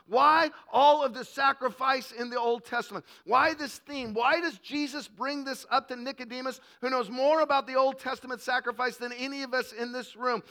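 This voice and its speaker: A middle-aged male pastor preaching a sermon in a high, bright voice. He moves between booming emphasis and quiet, conversational asides.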